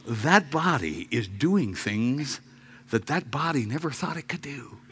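A man preaching a sermon to his congregation, telling a story with jokes, dropping to quiet murmurs and then rising to loud outbursts. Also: medium pitch, animated, slow, background noise. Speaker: pastor. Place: church sanctuary.

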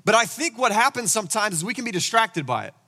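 A man preaching a sermon in a church, animated and full of rhetorical questions. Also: high-pitched, quick pace. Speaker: pastor. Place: church sanctuary. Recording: long hall reverb.

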